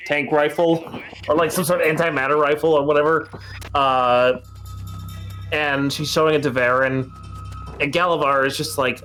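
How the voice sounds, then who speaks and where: A man's voice: fairly high pitch, a bit bright. A man chatting casually as a guest on a gaming stream, rambling with lots of fillers. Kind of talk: casual chat.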